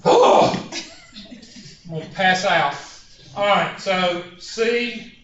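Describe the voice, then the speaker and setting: Speaking slowly in a high-pitched, bright, forceful voice, a male math instructor gives a classroom lecture that drifts into folksy joking stories and asides. The recording is roomy and dull.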